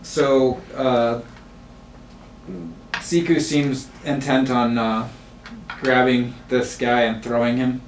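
A man's voice: mid-range voice, level tone. Man running a tabletop game. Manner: halting, many fillers. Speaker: game master. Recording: echoey room, far mic, noisy.

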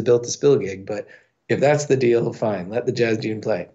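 A man's voice: mid-range voice, normal speed, darkish tone, dull audio. A man telling a long, profane anecdote in a casual podcast chat, with many fillers. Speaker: podcast guest. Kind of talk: casual storytelling.

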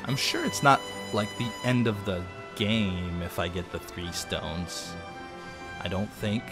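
A man casually commentating a video game as he plays, chatty and easygoing. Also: fairly low pitch. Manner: easygoing, chatty, quick reactions. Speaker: let's play gamer. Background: game music.

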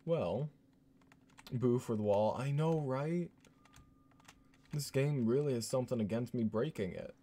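A man's voice: mid-range voice, unhurried, long pauses, warm tone. A man streaming a game, giving casual, joking commentary and laughing often.

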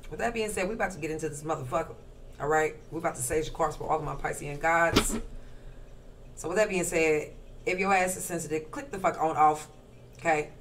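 There's a bit of brightness in her low voice, plus a little hiss or hum on the recording. The tarot reader speaks straight to camera in a loose, crude, slang-heavy way, reeling off lists in rhythm between drags on a cigarette and bites of ice.

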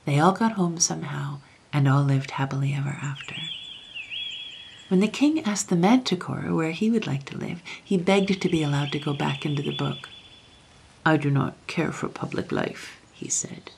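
A woman reading a classic children's story aloud as a storyteller, soft and often half-whispered. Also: sits low, moderate pace, gravelly, a little hiss or hum.

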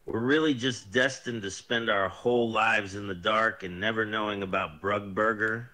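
A man's voice: fairly low pitch, steady tone, moderate pace, pushed and bright, low-quality recording. Synthetic male voice doing a fed-up cop. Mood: frustrated. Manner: tired, complaining, repetitive questioning. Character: weary, frustrated male police officer. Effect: text-to-speech voice.

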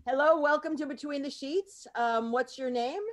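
A woman's voice: high-pitched, moderate pace. A woman hosting a call-in podcast, bubbly, repeating the phone number and taking callers. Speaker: podcast host. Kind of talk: casual call-in show hosting.

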